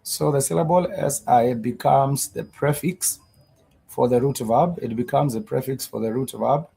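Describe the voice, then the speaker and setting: A man teaching a live-streamed Swahili grammar lesson, explaining slowly and repeating himself with many fillers and restarts. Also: medium pitch, gravelly, dark tone, breathy edge, low-quality recording.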